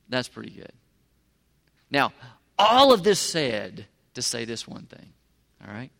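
A man's voice: mid-range voice, very animated, measured pace, creaky, pauses often, fairly bright tone, long reverb tail. A man preaching a sermon, emphatic, repeating phrases and putting questions to the congregation. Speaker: pastor.

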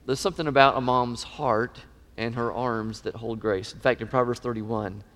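A middle-aged man preaching a sermon, emphatic and animated, his voice swelling in pitch and volume. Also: moderate pace. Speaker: pastor. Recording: long reverb of a large hall.

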